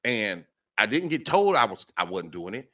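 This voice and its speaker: Animated, bright-voiced male podcast host. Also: fairly low pitch, moderate pace. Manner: emphatic, repeats phrases for stress. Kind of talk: impassioned monologue.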